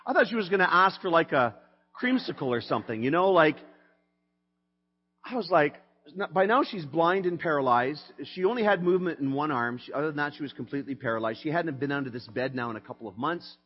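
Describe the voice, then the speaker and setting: A man's voice: a little high, a little fast, husky. Man telling a story in a hall. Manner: conversational, frequent fillers, ranges from lively to quiet and subdued. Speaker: speaker sharing a testimony. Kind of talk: personal testimony storytelling. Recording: reverberant hall, dull lo-fi sound.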